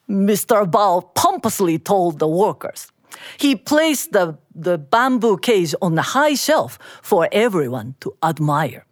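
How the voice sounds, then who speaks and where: A woman from Japan with a Japanese accent, telling a folktale to a live audience in an expressive, theatrical way. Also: medium pitch, takes it slowly, dry recording, studio quality. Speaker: storyteller.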